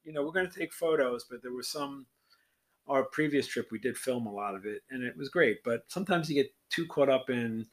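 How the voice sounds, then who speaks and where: A man in his sixties with a strong New York accent tells stories at an easy pace. He is relaxed and pokes fun at himself as a guest. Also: mid-range voice, a little fast. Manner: easygoing storyteller, self-deprecating. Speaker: interview guest, cross-country cyclist. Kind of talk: casual interview chat.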